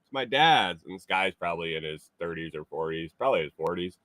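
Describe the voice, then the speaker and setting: A man with a low voice telling a casual story as a show host. He rambles, circling back with fillers and restarts. The sound is dry and close. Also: flat delivery, quick pace, fairly bright tone, dry recording.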